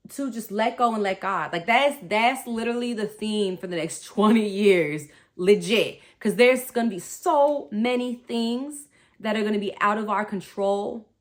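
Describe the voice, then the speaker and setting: A spiritual wellness podcast host talks a little slowly in a mid-range voice. She rambles in a chatty way, laughing a lot and calling her listeners y'all.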